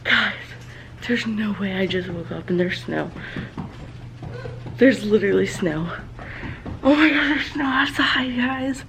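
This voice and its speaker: A woman's voice: medium pitch, unhurried, creaky, long pauses, background noise. A young woman from Louisiana, chatting in a bubbly, giggly way to her vlog camera at home. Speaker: vlogger. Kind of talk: casual vlog chat.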